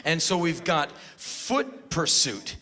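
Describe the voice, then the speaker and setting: American guy in his 40s doing a live comic story, bright voice, pitch all over the place. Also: slow. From United States. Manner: animated, loud and punchy. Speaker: spoken word performer. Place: live university stage.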